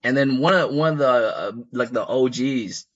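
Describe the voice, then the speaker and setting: A man's voice: medium pitch, normal speed, dull audio. A man telling a rambling, profane story in a casual comedic way, often asking the listeners whether they follow. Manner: rambling, profane, laughs at his own story.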